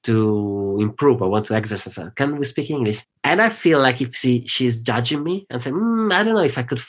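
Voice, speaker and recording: A man's voice: mid-range voice, expressive, a little fast. Brief: middle-aged Italian man, accented English, casual guest chat, hesitant, laughs easily. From Italy. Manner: hesitant, many restarts and laughs. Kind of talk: casual conversation.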